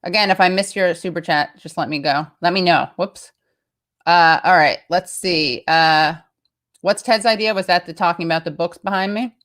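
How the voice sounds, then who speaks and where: A woman's voice: lowish voice, normal speed, a bit bright. Chatty American woman hosting a livestream. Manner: rambling, chatty, reading viewer comments aloud. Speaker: show host. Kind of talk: casual livestream chat.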